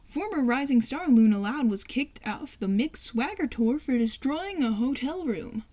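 A woman voicing a brisk TV news reporter with a newsreader cadence. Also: high-pitched, lively intonation, mellow, dry recording. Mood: formal.

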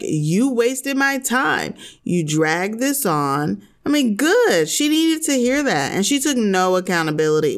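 A woman hosting a podcast, chatting casually about a TV show with sassy, opinionated asides. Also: mid-range voice. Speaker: podcast host. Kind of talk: casual TV recap chat.

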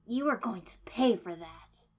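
A woman voicing a furious young female ninja who rasps and snarls, raised and loud. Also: mid-range voice, animated, unhurried. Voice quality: rasping, snarling.

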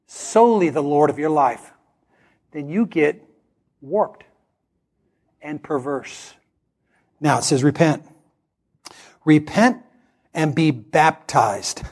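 Animated high-voiced male preacher. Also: husky. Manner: animated storytelling, acting out dialogue. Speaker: pastor. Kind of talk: sermon.

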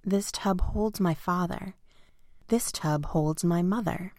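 A woman voicing an eager, anxious young boy in a storybook reading, slow and pleading. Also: on the low side, a little mellow, no room sound, studio quality. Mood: calm.

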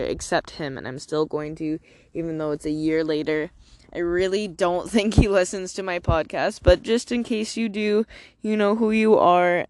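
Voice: mid-range voice, creaky, no echo. Young Canadian podcast host, casual rambling storyteller, swears a lot, dry sound. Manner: rambling, heavy use of "like", frequent swearing.

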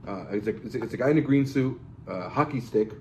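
A man's voice: mid-range voice, fast, darkish tone, a little hiss or hum. A man co-hosting a casual podcast chat, rambling and swearing as he acts out quoted voices. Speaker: podcast co-host.

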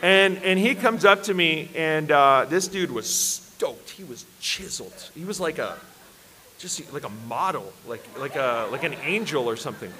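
A man's voice: on the high side, lively intonation, normal speed, noisy background. A man preaching at a church worship service, telling self-deprecating, humorous personal stories to a congregation. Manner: self-deprecating, joking storyteller.

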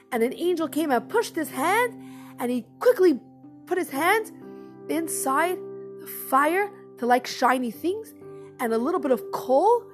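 High-voiced woman telling a story. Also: measured pace, faint music behind. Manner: expressive, emphatic repetition. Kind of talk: animated religious storytelling.

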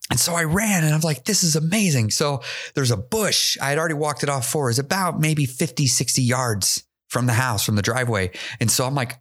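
A man with a fairly low voice tells his own story as a podcast host. He talks in a candid, halting way, restarting sentences and repeating words, and now and then laughs at himself. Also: a bit bright. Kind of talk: personal storytelling monologue.

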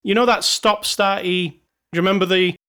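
A man's voice: high voice, steady tone, a little fast, pushed and bright, clean tone. A man co-hosting a podcast, chatting casually and thinking aloud about a movie. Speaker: podcast co-host. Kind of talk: casual film review chat.

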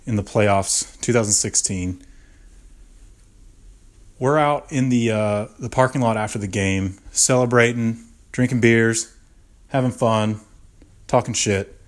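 A young man hosting a podcast, telling a story casually and swearing freely. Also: mid-range voice. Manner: profane, animated anecdote telling. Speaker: podcast host.

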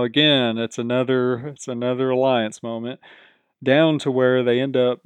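Male podcast host, casual recap, medium pitch, dry close mic. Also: clean tone, no room sound. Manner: chatty, quotes the contestants in animated voices. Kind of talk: casual reality show recap.

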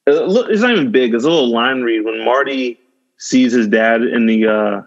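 A man's voice: mid-range voice, normal speed. Enthusiastic man chatting casually, lo-fi sound. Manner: enthusiastic, laughing, full of fillers and "like". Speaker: podcast host. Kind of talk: casual chat. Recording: dull lo-fi recording.

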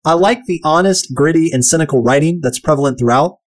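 Male reviewer, casual and profane, voice sits a bit high. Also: a little fast. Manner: blunt and profane, chatty. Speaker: book and film reviewer. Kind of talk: casual commentary.

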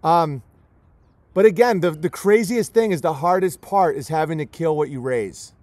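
High-voiced sarcastic ranting man. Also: normal speed, a little mellow, no echo. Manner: sarcastic, mocking, abrasive. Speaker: livestream host. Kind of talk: profane ranting monologue.

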